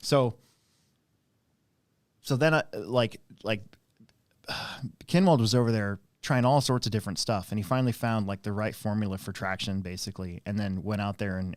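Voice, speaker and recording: A man with a lowish voice chats on a live stream, recorded dry and close with no room sound. He rambles through anecdotes, stopping and restarting, filling gaps with "um" and "like". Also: fairly even intonation, normal speed, no room sound. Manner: rambling anecdotal storyteller, many fillers. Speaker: host and RC track operator. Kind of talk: casual live-stream chat.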